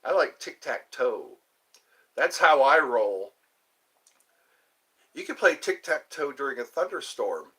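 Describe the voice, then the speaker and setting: An older man hosting a live stream, chatting casually with viewers in a rambling, playful way and slowly sounding out their names. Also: medium pitch, big pitch swings, sharp tone, breathy edge, rough recording.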